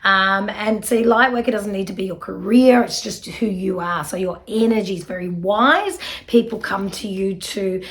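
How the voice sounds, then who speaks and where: A woman's voice: mid-range voice, moderate pace, few pauses. Earnest woman giving a card reading. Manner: soft, earnest and reassuring, with many fillers. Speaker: psychic card reader. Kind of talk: spiritual guidance reading.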